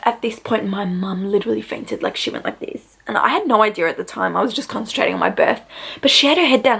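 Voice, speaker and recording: A woman's voice: medium pitch, animated, fast, creaky, fairly bright tone, slightly rough. A young woman, chatty and full of "like" fillers, telling a personal story to camera in a casual vlog. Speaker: vlogger.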